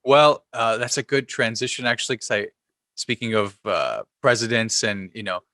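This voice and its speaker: A man hosts an interview podcast, and his voice is bright yet a little low in pitch. He asks questions with hesitant fillers and short reactions, in a dry setting with no echo. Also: moderate pace. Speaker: podcast host.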